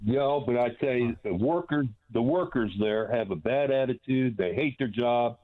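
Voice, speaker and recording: A man's voice: mid-range voice, moderate pace. A man calling in to a radio show, earnestly complaining about his trip. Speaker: caller. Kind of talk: phone-in chat. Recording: phone line.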